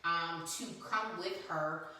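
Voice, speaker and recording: A woman co-hosting a live talk stream, calmly and carefully explaining her side. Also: fairly low pitch, slow, heavy reverb, distant mic, faint music behind. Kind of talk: casual chat.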